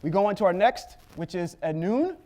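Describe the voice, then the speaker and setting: A man's voice: high-pitched, very animated, moderate pace, darkish tone. A man giving a Torah study lesson, walking through Hebrew letters and vowels patiently, checking in with "okay?" and tossing in small jokes. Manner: patient, step-by-step explaining with frequent "okay?" checks. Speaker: Bible teacher.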